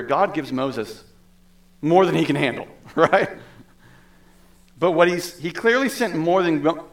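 A man's voice: a little high, fairly bright tone. A male pastor preaching a sermon in a conversational way, with asides and the odd laugh.

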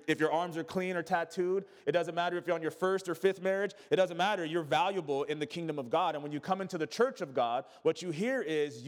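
A man, a pastor, preaching a sermon with emphatic repetition and call-and-response to his congregation. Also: on the high side. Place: church sanctuary. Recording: echoey church hall.

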